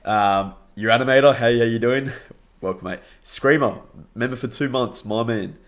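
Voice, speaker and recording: A young Australian man with a medium-pitched voice chats upbeat on a late-night live stream at a moderate pace. He greets viewers by name and laughs often, though he seems a bit tired.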